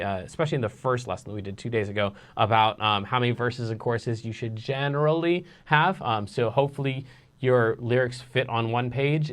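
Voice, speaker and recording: A man casually teaching songwriting in a live online lesson, relaxed and rambling with restarts. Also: medium pitch. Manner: sings nonsense syllables to show rhythm.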